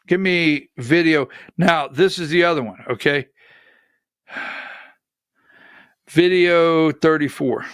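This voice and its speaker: Male political commentary host, high pitched, deliberate and combative delivery, dry close mic. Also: no room sound. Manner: combative, rhetorical, emphatic. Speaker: political talk show host.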